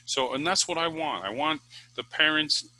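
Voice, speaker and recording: A man's voice: a little high, expressive, moderate pace, bright, forceful tone, low-quality recording. A man who teaches English, giving casual advice to the camera in a chatty way, with many fillers and restarts.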